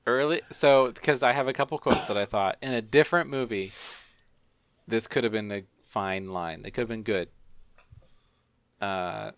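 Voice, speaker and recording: A man's voice: on the low side, normal speed, long pauses, fairly bright tone, clear, resonant tone, no room sound. A man co-hosting a casual movie review podcast, talking in a dry, understated way. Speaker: podcast co-host.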